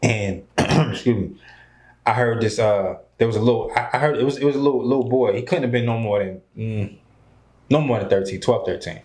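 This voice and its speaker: A man hosting a podcast, telling a story in a loose, animated way with lots of slang and restarts. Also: mid-range voice, fairly quick. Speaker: podcast host. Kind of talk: casual chat. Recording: echoey room.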